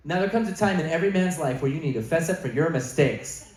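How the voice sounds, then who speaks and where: Canadian guy doing stand-up, bit higher voice, echoey room, acts out the texts. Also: fast talker. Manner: animated storyteller, acting out texts in voices. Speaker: stand-up comedian. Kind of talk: stand-up comedy set. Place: comedy venue with audience.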